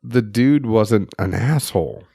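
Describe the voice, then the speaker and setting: A man co-hosting a casual podcast, arguing and joking in an animated way, then reading a sponsor spot. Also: fairly low pitch, measured pace, vocal fry, husky, dry recording, clean studio sound. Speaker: co-host.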